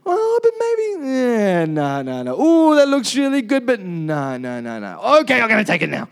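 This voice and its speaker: Man doing a fussy, swooping fish voice, high and wavering. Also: huge pitch swings, normal speed, gravelly, clear, resonant tone, exaggerated voice. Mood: indecisive. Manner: hesitant, teasing, swooping between high and low. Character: dithering fish eyeing bait.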